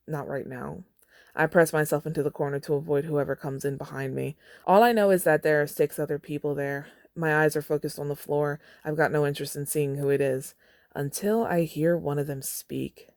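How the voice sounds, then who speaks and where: Young woman, low voice, reading fan fiction aloud, wry casual asides, dry close sound. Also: darkish tone, no room sound. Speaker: podcast host.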